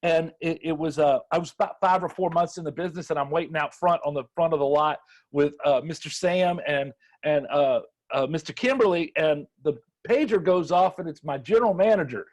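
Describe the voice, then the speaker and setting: A man gives a motivational sales talk. His voice sits high and has a husky edge. He is folksy and emphatic and hammers his points home by repeating phrases. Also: a little fast. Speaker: sales trainer.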